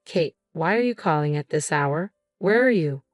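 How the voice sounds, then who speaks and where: A woman's voice: sits low, animated, moderate pace, dry recording, clean studio sound, faint music behind. A woman reading an evasive lying husband. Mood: puzzled. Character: husband Daddy, evasive lying adult man.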